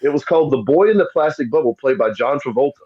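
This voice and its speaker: A man's voice: mid-range voice, fast, lo-fi sound. A middle-aged man telling stories as a podcast guest and acting out the voices of the people in them. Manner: animated, acts out quoted voices. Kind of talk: casual storytelling.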